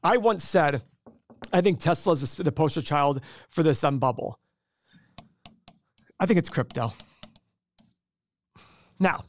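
A man's voice: fairly high pitch, gravelly, no echo, studio quality. A middle-aged man hosting an investing show, talking casually and emphatically, with rhetorical questions and acted-out quotes. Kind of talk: casual explanatory talk to camera.

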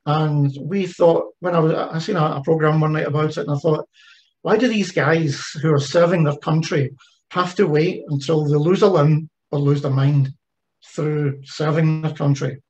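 A man's voice: fairly high pitch, fairly even intonation, moderate pace, a little mellow. Man giving an online talk, lo-fi sound. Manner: conversational, many fillers and restarts. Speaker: presenter of a heritage ship project. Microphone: video call.

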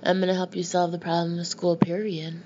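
A woman's voice: lowish voice, flat delivery, brisk, dull audio, noisy background, lightly acted. A woman reading the lines of a cocky, streetwise older brother who talks in blunt slang and teases his sibling. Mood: teasing.

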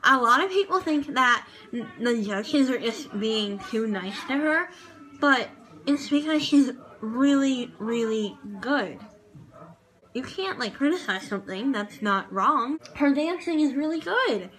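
A woman's voice: high voice, expressive, a little slow, fairly bright tone, rough recording. A woman chatting casually in a vlog review of a TV show, gushing and rambling with lots of fillers. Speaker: vlogger reviewing a TV dance show.

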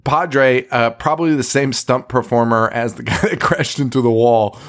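A man's voice: medium pitch, normal speed, a bit bright. A man co-hosting a horror movie podcast, swearing a lot and laughing while he acts out scenes. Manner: profane, laughing, acts out quotes. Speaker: podcast co-host. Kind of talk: casual movie chat.

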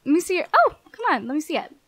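A woman with a high, bright voice chats her way through a life-sim game, bubbly and quick to laugh, cheering on and scolding the characters on screen. Her voice is recorded close on a dry microphone with no room sound. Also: big pitch swings, dry recording. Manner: bubbly, chatty, laughs often, talks to the characters. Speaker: gameplay commentator. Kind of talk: casual game commentary.

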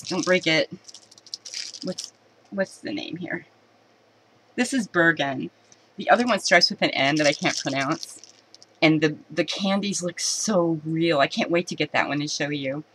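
A woman's voice: on the low side, slight background noise, low-quality recording. Chatty woman unboxing candy at home. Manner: chatty, excited, giggly, often restarting. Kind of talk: casual unboxing chat to camera.

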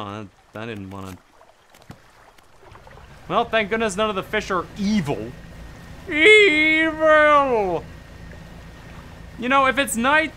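A man's voice: high voice, sharp tone, slight background noise. A man streaming a fishing game, chatting casually to himself and swearing, talking back to the characters on screen. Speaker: gaming streamer. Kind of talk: casual gameplay commentary.

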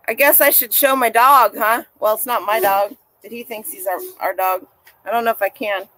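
A woman's voice: medium pitch, moderate pace, fairly bright tone, dry recording. A woman vlogging casually as a reseller, chatty and rambling as she shows her finds. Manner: chatty, rambling, talks to people and dog nearby. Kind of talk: casual chat.

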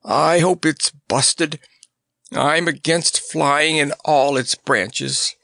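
A man's voice: sits high, expressive, takes it slowly, gravelly, fairly bright tone, no room sound, studio quality, voice pushed up, heavily acted. A man voicing a big, timid male lion who groans and mourns. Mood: mournful.

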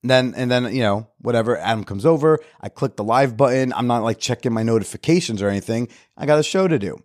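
A man in the middle of his pitch range talks candidly and casually as a podcast host, swearing freely while reflecting on himself. The recording is dry, with no room sound around his voice. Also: fast, darkish tone, no echo. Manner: candid, profane, self-reflective. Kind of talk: casual storytelling.

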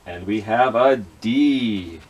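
A man's voice: on the low side, slow, muffled recording, slight background noise. A man leading a children's reading skit with puppets, patiently sounding out letters and words. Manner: gently apologetic with the puppets. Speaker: children's librarian.

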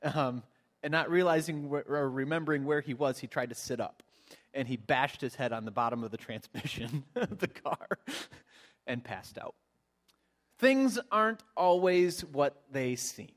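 A man's voice: mid-range voice, steady tone, moderate pace. A man preaching a sermon as pastor, telling a story in a conversational way with frequent restarts. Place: church sanctuary.

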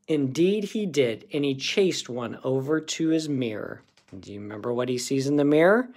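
A man reading a children's picture book aloud, narrating in an expressive, unhurried way. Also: on the high side. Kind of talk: storybook read-aloud.

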